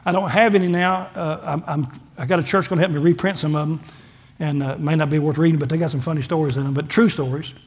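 A man's voice: fairly high pitch, fairly even intonation, quick pace, slightly rough. A middle-aged man, a pastor giving a folksy testimony sermon and acting out the dialogue in his stories. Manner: folksy storytelling, acts out dialogue, gets emotional.

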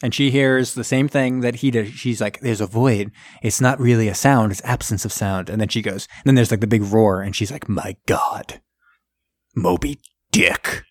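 A man's voice: medium pitch, fairly even intonation, a little fast, few pauses, darkish tone, no room sound. A man casually retelling a movie plot for laughs, jumping into quoted voices of the characters as he goes. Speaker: podcast co-host. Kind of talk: casual movie recap chat.

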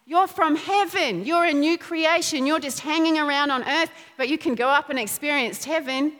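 Woman preacher, sermon, high voice, playful, laughs often, long hall reverb. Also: fairly even intonation, normal speed, a bit bright.

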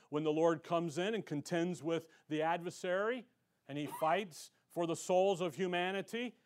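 Fervent high-voiced man preaching. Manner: fervent, colloquial preaching that swells in volume. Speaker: pastor. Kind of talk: sermon. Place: church.

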